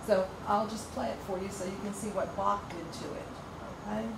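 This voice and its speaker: A woman's voice: medium pitch, steady tone, fairly quick, vocal fry, roomy sound, recorded from a distance, heavy background noise. A woman teaching a music workshop, explaining patiently with some ums and restarts. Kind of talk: informal music lesson.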